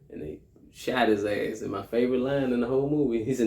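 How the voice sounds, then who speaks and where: A man with a gravelly, mellow voice chats casually about a movie, retelling scenes with animated energy and salty language. He sounds like he is in an echoey room. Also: medium pitch, a little fast. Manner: animated retelling, profane, acts out quoted lines. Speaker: movie review co-host. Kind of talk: casual chat.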